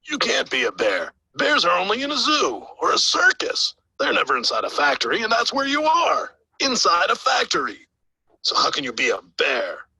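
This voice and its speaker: Guy putting on a loud indignant factory boss, high and shrill, storybook video. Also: wildly swooping pitch, fairly quick, few pauses, slightly rough, dry recording, heavily acted, rough recording. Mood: condescending. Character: blustering bossy male factory boss.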